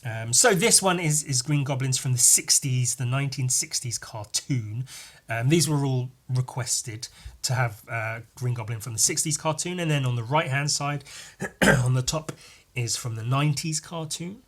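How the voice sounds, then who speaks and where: A man's voice: mid-range voice, normal speed. Rambling man painting commentary. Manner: rambling, self-deprecating, swears casually, trails off quietly. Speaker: artist narrating his painting process. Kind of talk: casual voice-over commentary.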